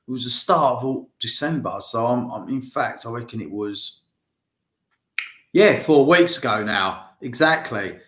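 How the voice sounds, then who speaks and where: A man's voice: medium pitch, a bit bright. A man chatting casually about football to fans in a rambling, direct way, with a nagging cough. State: has a cough. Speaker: football fan vlogger. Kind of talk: casual solo football chat. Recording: roomy echo.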